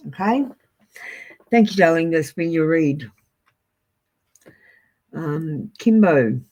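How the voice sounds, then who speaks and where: A woman's voice: deep voice, animated, takes it slowly, a little mellow. A woman with an Australian accent giving a live tarot card reading, chatting to viewers and reading card meanings aloud from a book. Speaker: tarot reader.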